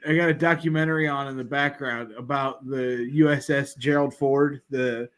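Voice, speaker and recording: A man's voice: medium pitch, normal speed. A man co-hosting a podcast, joking around and telling stories in casual sports chat. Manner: joking, animated storyteller. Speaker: podcast co-host.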